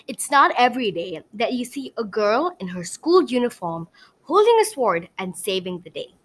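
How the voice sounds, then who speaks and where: A woman reading her own storybook aloud as narrator, animated and dramatic. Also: a little high, normal speed.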